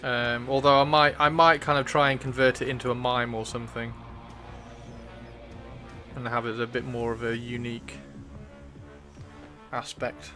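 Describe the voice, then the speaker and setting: A man's voice: medium pitch, little pitch movement, normal speed, long pauses, music in the background. A man chatting enthusiastically on a casual livestream, often repeating himself. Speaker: livestream host.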